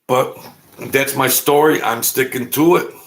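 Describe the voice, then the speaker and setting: Gravelly-voiced man rambling on his vlog. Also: mid-range voice, measured pace, a bit bright. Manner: rambling, joking, self-deprecating asides. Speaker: YouTube channel host. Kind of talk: casual vlog monologue.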